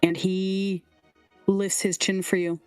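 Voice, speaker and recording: A woman narrating a tabletop game as game master in a relaxed, descriptive way. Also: mid-range voice, takes it slowly, clear, resonant tone, no room sound, faint music behind, poor audio.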